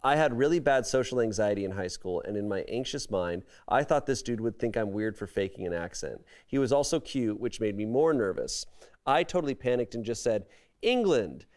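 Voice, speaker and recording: On a casual comedy podcast, a male host with a lowish, expressive, darkish voice speaks briskly. He reads stories from the internet aloud and drops in wry, amused comments between the passages.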